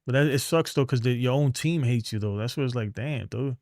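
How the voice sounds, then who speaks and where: A man's voice: medium pitch, fast, a little mellow, no echo, clean studio sound. A middle-aged man, ranting bluntly and rambling in a casual livestream, trailing off into mumbles. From New York. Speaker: sports streamer.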